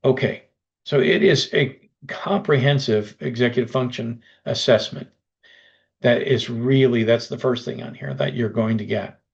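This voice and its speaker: Gravelly man giving a persuasive pitch. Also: unhurried, dull audio. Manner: persuasive, addresses listeners directly. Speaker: presenter. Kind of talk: webinar pitch.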